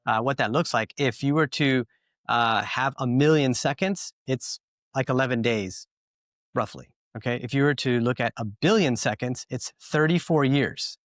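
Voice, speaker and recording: A man's voice: mid-range voice, normal speed, dry recording, studio quality. Rambling male podcast host telling a story. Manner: rambling, filler-heavy, animated storytelling.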